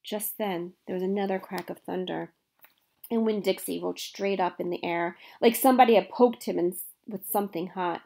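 A woman's voice: mid-range voice, normal speed, creaky. Woman teacher reading a storybook aloud. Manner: expressive storytelling. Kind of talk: reading a children's novel aloud.

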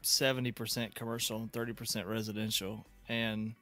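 A man's voice: lowish voice, flat delivery, brisk, pushed and bright, soft background music. A man co-hosting a podcast and casually telling a long, rambling story from his early working days, with frequent restarts. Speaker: podcast co-host.

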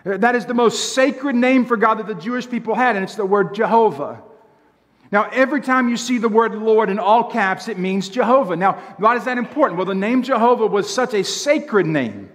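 A man preaching a sermon in a church sanctuary, his voice pitched high for a man. He leans hard on key phrases, slows down to draw them out, and keeps asking the congregation questions. The sound carries a long church-hall reverb. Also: animated, fairly bright tone. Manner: emphatic preaching with slow drawn-out lines; asks the congregation rhetorical questions. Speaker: pastor.

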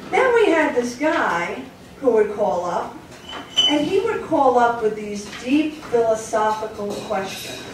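A woman comedian tells stories from a club stage in a high, lively voice. Her voice is distant and echoes heavily through the room. Audience noise is clearly heard behind her. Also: unhurried. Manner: chatty, storytelling delivery. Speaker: stand-up comedian. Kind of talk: stand-up routine.

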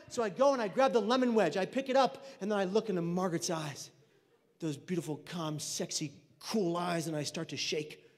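A man telling a comic personal story at a speaking event, acting out voices of the people in it. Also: extremely high pitch. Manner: animated, comic, acts out voices of others. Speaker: mental health speaker. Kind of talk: storytelling keynote talk. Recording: reverberant hall.

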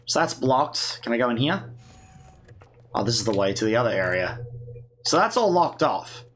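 A man's voice: medium pitch, big pitch swings, moderate pace, fairly bright tone, a little hiss or hum. A man giving casual, self-mocking gameplay commentary with sarcasm and swearing. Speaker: let's play gamer.

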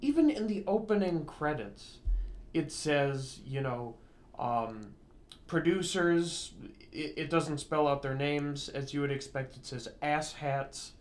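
A man in casual, unscripted conversation about a film, halting with frequent ums and dry remarks. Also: a little high. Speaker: co-host reviewer. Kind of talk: casual unscripted movie review chat.

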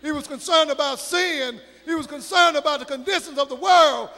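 A man preaching a sermon, swelling into shouted, sing-song preaching cadence, with a gravelly voice. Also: extremely high pitch, normal speed. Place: church sanctuary. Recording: reverberant church hall with faint congregation.

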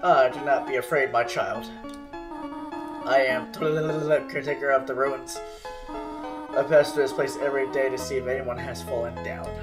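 A man reading aloud as a kindly, motherly caretaker creature from a game, slower and more formal than his own talk. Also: mid-range voice, lightly acted. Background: game music.

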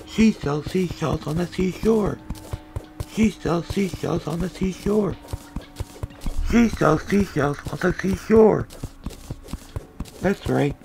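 Young male gaming commentator, gravelly, unhurried, goofy deadpan rambler, game music faint underneath. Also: on the high side, poor audio. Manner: goofy, random tangents, deadpan asides. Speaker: gaming video creator. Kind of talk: rambling comic gameplay commentary.

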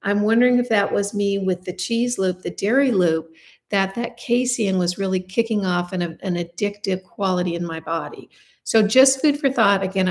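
A woman in her fifties hosting a casual question-and-answer chat, talking in a chatty, confiding way with self-deprecating asides. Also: mid-range voice. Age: 50s. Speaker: beauty channel host.

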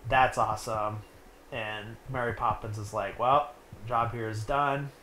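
A man's voice: mid-range voice, steady tone, measured pace, sharp tone. A young man casually recapping a movie plot, rambling and filling his talk with "like". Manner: rambling, heavy use of "like". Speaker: podcast host. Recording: echoey room with faint noise.

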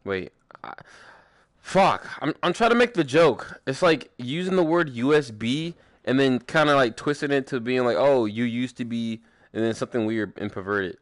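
This young man streams gameplay with friends, his mid-range voice lively in intonation and moderate in pace, captured in a studio with no room sound. He keeps things casual, joking, swearing, and humming little tunes.

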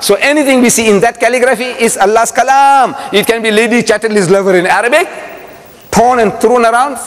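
An older South African man with a fairly high voice delivers a religious lecture. He tells stories with animation and keeps asking his audience questions. His voice rings out with the long reverb of a lecture hall. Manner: animated storyteller with rhetorical questions to the crowd. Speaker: Islamic lecturer.

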